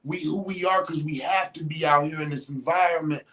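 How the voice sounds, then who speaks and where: Podcast host, casual monologue; profane street slang, restless restarts, mid-pitched voice. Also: a little fast. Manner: profane, slangy, animated storytelling; restarts and repeats words often.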